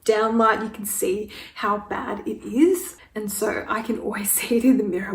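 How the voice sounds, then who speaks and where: A beauty vlogger in her twenties applies makeup during a get-ready-with-me Q&A, opening up candidly and turning emotional, tearful at times. She speaks briskly in a steady, mid-range voice, picked up from a distance in a room with echo and faint noise.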